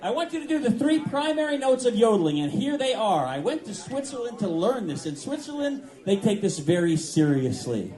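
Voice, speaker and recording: A man emceeing a live club concert, playful and energetic as he leads the crowd, with a loud live band behind him. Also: high voice, a little fast, hardly any pauses. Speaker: singer and emcee. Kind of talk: live stage banter with crowd. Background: live band music.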